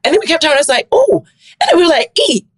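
A middle-aged woman guest on a chat podcast, telling lively stories and jumping into squealing high voices for herself. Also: rapid-fire, no echo. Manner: animated, swings into high squealing voices when quoting herself. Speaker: guest actress. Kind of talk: casual chat, lively storytelling.

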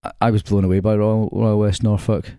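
Chatty man with a dark smooth voice. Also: fairly low pitch, little pitch movement, brisk, dry recording, studio quality. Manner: chatty, laughs often, stammering restarts. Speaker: golf links manager, podcast guest. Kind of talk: casual golf chat.

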